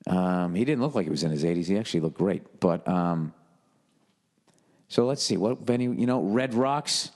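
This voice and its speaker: Man, low voice, swearing, rambling podcast monologue, long reverb. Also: animated, moderate pace, a little mellow. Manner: profane, rambling, sarcastic. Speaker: podcast host, comedian.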